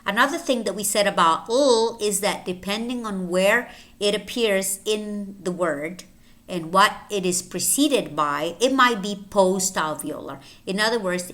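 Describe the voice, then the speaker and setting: A woman teaching English pronunciation, saying each example word slowly and clearly, often twice. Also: medium pitch, fairly bright tone. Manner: slow, deliberate, repeating each word twice. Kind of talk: phonetics lesson with word drills.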